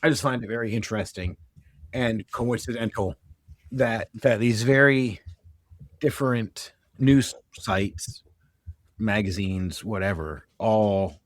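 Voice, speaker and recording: Working from his notes, this US podcast co-host rambles, trips over words, and fixes himself mid-sentence while dogs are near him at home. He speaks slowly in a fairly low voice, and the studio-quality audio has no room sound.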